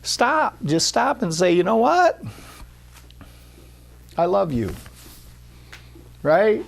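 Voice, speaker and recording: A man's voice: high voice, big pitch swings, very slow, creaky, pauses often. A man preaching an earnest spiritual talk, restarting his phrases often and acting out what people say to themselves. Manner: earnest, repetitive, with many restarts and acted-out quotes. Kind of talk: spiritual sermon.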